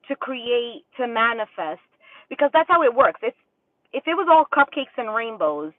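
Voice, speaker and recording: A woman's voice: sits high, dry recording. Tinny-sounding woman giving a rambling tarot reading. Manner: rambling, acts out inner thoughts in quotes. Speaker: tarot reader. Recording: tinny phone-like dry sound.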